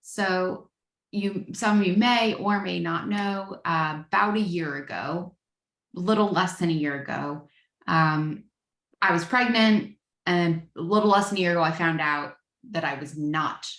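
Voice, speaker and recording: A woman in her thirties gives a frank, self-deprecating personal share at a recovery meeting. Her voice sits a little low with a gravelly fry. The sound carries the echo of a roomy space. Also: unhurried, fairly bright tone.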